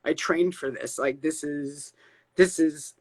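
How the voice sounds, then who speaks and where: A woman's voice: sits low, fairly even intonation, slow, a little mellow, no echo, rough recording. A woman guest telling a personal testimony on a video call, emotional and repeating phrases as she goes. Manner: tearful, repeats phrases when moved. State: crying.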